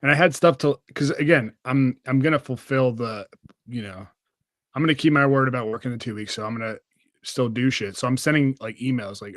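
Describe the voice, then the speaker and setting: A young man chatting on a podcast, with a middle-pitched voice and a rambling, profane delivery. His talk is loose and full of fillers, and the sound is dry and close with no room around it. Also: brisk, no echo. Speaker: podcast host. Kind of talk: casual chat.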